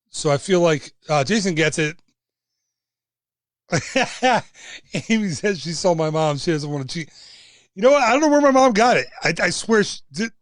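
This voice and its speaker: Young man, trivia livestream host, chatty and jokey, slightly high voice, dry close sound. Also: dry recording. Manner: chatty, reads out viewer answers, jokey asides.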